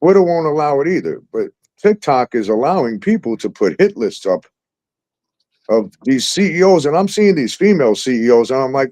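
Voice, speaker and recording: A man hosting a casual talk show, animated and profane, laughing often and acting out exchanges as he tells stories. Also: medium pitch, normal speed. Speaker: show host. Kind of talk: casual podcast chat.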